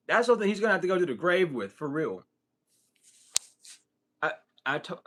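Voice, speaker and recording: A man with a bright, forceful voice that sits a little high holds a loose Q&A session. He jokes and rambles off the cuff, swearing freely. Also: sing-song, moderate pace, pauses often, a little hiss or hum. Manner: joking, profane, rambling. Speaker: spiritual content creator answering questions. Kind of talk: casual livestream Q&A.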